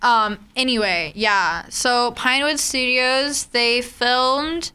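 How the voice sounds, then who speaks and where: A woman's voice: a little high, slow pace, sharp tone, clean tone. A woman co-hosting a casual chat, rambling and full of fillers and self-corrections. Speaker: co-host.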